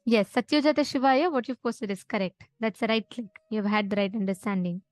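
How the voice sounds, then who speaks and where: A woman's voice: a little high, fairly quick, no echo. Earnest woman teaching a live session. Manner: earnest, explanatory, checks in with listeners often. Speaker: spiritual session instructor.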